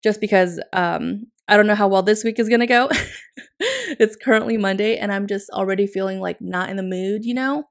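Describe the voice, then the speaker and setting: A woman's voice: medium pitch, a little fast, creaky. Chatty woman narrating her planner. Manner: chatty and upbeat, laughs often. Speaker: planner vlogger. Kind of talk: casual voice-over narration.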